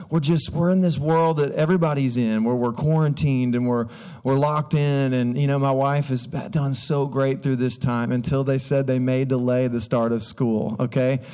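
A man's voice: medium pitch, steady tone, normal speed, a little mellow, clear, resonant tone. A man in his thirties, a pastor, giving a casual, humorous sermon to a congregation, chatty and full of asides. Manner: chatty, joking, self-interrupting. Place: church stage before a congregation.

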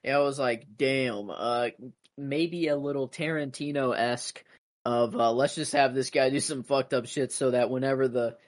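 A man co-hosting a podcast in casual chat, talking in halting bursts full of fillers that often trail off quietly. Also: mid-range voice, fairly even intonation, no room sound. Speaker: podcast co-host.

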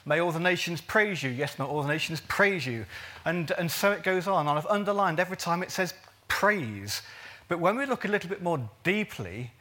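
A man preaches to his congregation in a bright, forward voice that sits a little high. He keeps it earnest, then slips in jokey asides and stretches words out slowly for emphasis. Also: expressive. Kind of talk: sermon.

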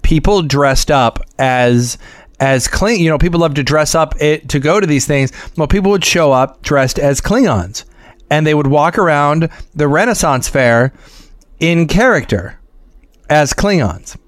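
A man with a slightly high voice spins a rambling story in casual chat. He keeps stopping to restart with um and uh. The sound is close and dry, with no room around it. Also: expressive, unhurried, no echo. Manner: rambling, many ums and restarts.

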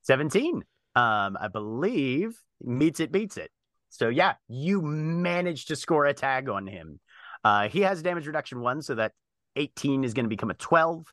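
A man narrating combat as game master in a relaxed, descriptive way. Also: mid-range voice, normal speed, dry recording, clean studio sound.

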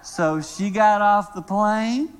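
High-voiced preacher in a booming hall. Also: male voice, takes it slowly, clear, resonant tone. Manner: lively, humorous storyteller who drops to a soft, low tone to pray. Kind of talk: storytelling sermon. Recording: long reverb of a large hall.

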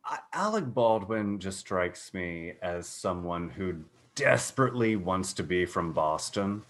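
A man's voice: sits low, expressive, unhurried, a bit bright. A man on a podcast telling dry, wry stories about an actor's career. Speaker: podcast guest. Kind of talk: casual chat about a film.

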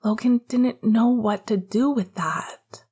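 A woman narrating a novel in a soft, quiet reading voice. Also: on the high side, slow pace, slightly rough. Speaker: audiobook narrator. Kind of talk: scripted narration.

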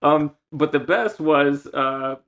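Animated storyteller man, slightly high voice. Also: slow, creaky, dull audio. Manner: animated storyteller, acts out friends' lines. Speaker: podcast co-host. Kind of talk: casual chat.

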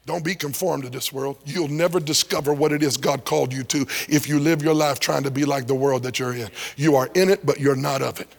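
Preacher, middle-aged man, husky and a bit high, lively sermon delivery with humor. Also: a little fast, hardly any pauses. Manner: preaching with sing-song rises and humor. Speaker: pastor. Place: church sanctuary.

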